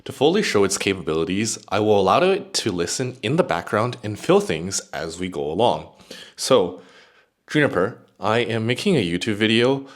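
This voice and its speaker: This is a man with a very low voice hosting a casual tech review. His talk is chatty and lively, rising and falling a lot as he talks straight to an AI assistant. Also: moderate pace. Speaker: tech YouTuber.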